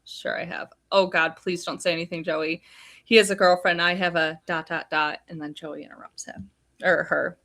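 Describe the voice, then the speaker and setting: A woman's voice: low voice, normal speed, gravelly. A woman co-hosting a live book discussion over a video call, retelling scenes and reading passages aloud. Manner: reads book passages aloud in a flat retelling, lively reactions. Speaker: podcast co-host.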